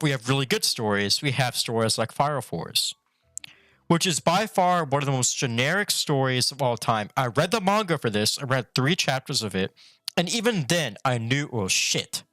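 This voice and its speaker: A man's voice: mid-range voice, very animated, moderate pace, bright, forceful tone, no room sound, clean studio sound. A male streamer ranting bluntly and profanely in a rambling casual way, talking with a retainer in his mouth. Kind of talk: casual opinion rant.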